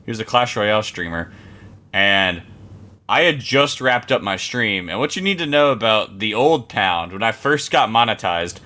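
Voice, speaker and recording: Young male co-host, bright tone, rambling self-deprecating storyteller. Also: fairly low pitch, animated, moderate pace. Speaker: podcast co-host. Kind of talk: casual chat, storytelling.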